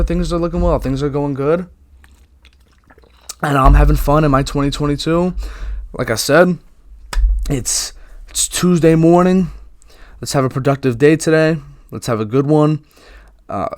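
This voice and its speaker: A young man talks straight into a close, dry microphone, hosting his own casual podcast. He rambles candidly, full of "you know" and restarts, at an everyday middle pitch. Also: no echo. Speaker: podcast host. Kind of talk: casual solo podcast talk.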